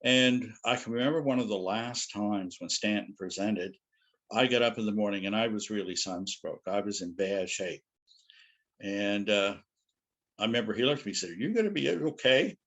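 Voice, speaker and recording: Rambling storytelling man, lowish voice. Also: fairly even intonation, moderate pace, fairly bright tone. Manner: rambling, anecdotal, frequent "you know". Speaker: guest speaker. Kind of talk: casual storytelling lecture.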